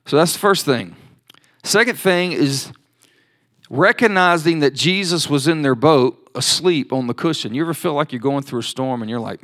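A man delivers a sermon in a slightly raised voice. He swings between quiet explanation and bold, emphatic declarations, sometimes voicing heartfelt pleas in prayer. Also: fairly high pitch, expressive, moderate pace. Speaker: pastor.

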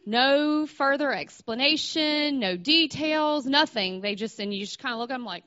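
A woman's voice: high-pitched, animated, normal speed, hardly any pauses, bright, forceful tone, dull audio. A woman in her thirties giving an informal sermon, telling a story in a conversational way, with restarts and questions put to her audience. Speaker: speaker at a church gathering.

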